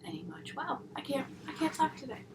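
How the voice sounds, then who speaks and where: A woman's voice: sits high, a little fast, in a whisper. A young woman reviewing an episode in a casual, rambling way, full of tangents and sarcastic asides. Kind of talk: casual chat. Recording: audible background noise.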